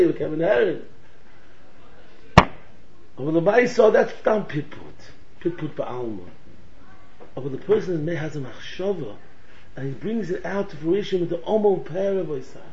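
A man giving a Torah lecture in American English laced with Yiddish and Hebrew words, telling stories in an animated way and acting out the voices in them. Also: sits high, slight background noise. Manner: animated storytelling, acts out quoted voices. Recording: echoey room, dull lo-fi sound.

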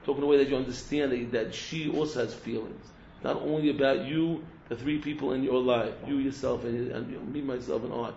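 A man's voice: medium pitch, steady tone, brisk, a little mellow, a little hiss or hum. A man, a yeshiva teacher, giving a humorous ethical talk to students. He repeats words and restarts often, mixing in Hebrew terms. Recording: roomy, dull lo-fi recording.

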